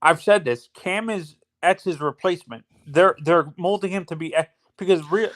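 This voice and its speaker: A man's voice: sits high, normal speed, fairly bright tone. A man co-hosting a casual chat, asking long rambling questions.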